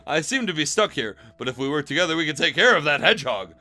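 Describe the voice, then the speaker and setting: A man voicing a male alien invader with a low, scheming delivery. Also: very animated, fast talker, sharp tone, faint music behind, full character voice.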